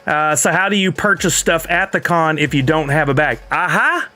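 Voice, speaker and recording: A man's voice: a little high, normal speed, sharp tone, faint music behind. A middle-aged man hosting a stream, telling a story in casual chat and acting out both sides of the conversation. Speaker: streamer host.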